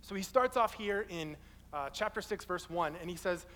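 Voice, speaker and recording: A young man preaching a sermon in a casual, animated way, telling a personal story. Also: high-pitched, moderate pace, long reverb tail. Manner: casual, animated, acts out quoted people in his story.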